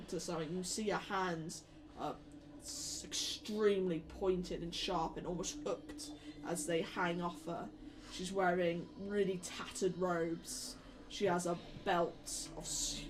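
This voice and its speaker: A woman narrating a tabletop role-playing game as game master, describing scenes in a relaxed way with plenty of fillers. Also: on the low side, slow pace, noisy background.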